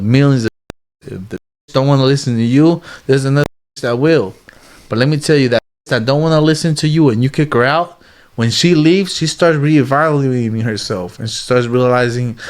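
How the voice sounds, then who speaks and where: A man as an interview guest, talking in casual street slang, bluntly and animatedly, dropping "bro" and "like" all the time. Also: mid-range voice. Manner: animated storytelling, acts out quotes.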